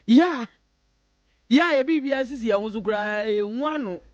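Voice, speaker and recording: In a radio studio, a woman host with a Ghanaian accent chats casually in a mix of English and Twi, playfully imitating her friends' voices. Her voice is slightly high with a darkish tone and an unhurried pace. The recording is dry and the audio dull.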